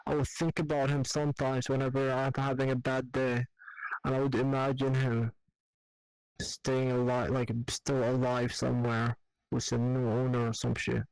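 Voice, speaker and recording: A young man speaks in a steady, level tone with little rise and fall. His delivery is candid, profane and halting as he tells an emotional personal story. The sound is dry and close. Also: mid-range voice, creaky, clear, resonant tone, dry recording, low-quality recording. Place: online voice chat in a virtual world.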